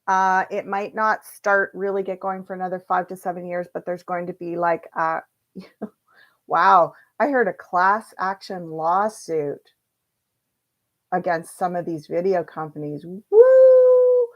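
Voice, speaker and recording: Slow, low-pitched woman reading tarot cards. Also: muffled recording. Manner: chatty and animated, laughs often, quotes people in voices. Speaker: tarot reader.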